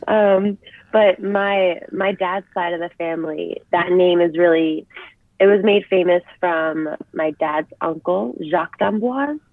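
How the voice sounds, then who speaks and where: A young adult woman wrestler with a lowish voice chats casually as an interview guest, telling upbeat stories a little slowly. Her audio is dry with no echo, but it comes through a tinny, phone-like line.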